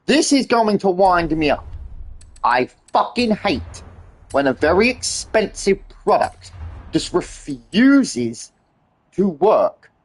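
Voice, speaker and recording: A man's voice: sits high, sing-song, slow pace. A man ranting and swearing nonstop as he streams a game. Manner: exasperated ranting, heavy swearing. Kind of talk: livestream gaming commentary.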